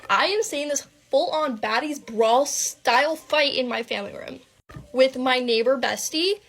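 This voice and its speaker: A woman's voice: sits high, a little slow, a bit bright, slight background noise. A young woman telling a dramatic personal story in a breathless, gossipy way, swearing freely.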